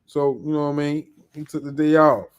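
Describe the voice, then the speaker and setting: A man's voice: fairly high pitch, level tone, clear, resonant tone. Upbeat, slangy male podcast host. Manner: upbeat, slangy, rapidly greeting viewers by name. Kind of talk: casual live-stream chat.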